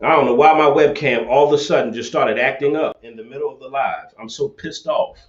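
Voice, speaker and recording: This man's medium-pitched voice runs fast with fairly even intonation as he hosts a livestream rant and call-in debate on a laptop webcam. He's confrontational and preachy, restating his points repeatedly; the audio is lo-fi, dull and echoey.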